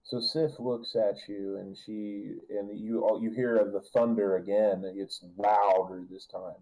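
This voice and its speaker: Guy running a d&d game, gravelly voice, kinda rambly with lots of "like". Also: lowish voice, fairly even intonation, takes it slowly, mellow, poor audio. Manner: rambling, full of restarts and "like". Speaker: game master. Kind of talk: narrating a tabletop game.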